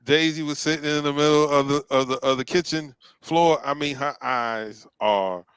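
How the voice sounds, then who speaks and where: A man hosting a casual talk show, telling a story in a relaxed way and acting out the dialogue. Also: a little high, normal speed, clear, resonant tone, dry recording. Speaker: host.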